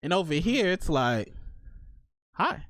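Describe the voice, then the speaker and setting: A young man hosting a podcast, telling stories in slangy, animated casual chat. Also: on the high side, unhurried, no room sound. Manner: slangy, animated storytelling with laughs. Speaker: podcast host.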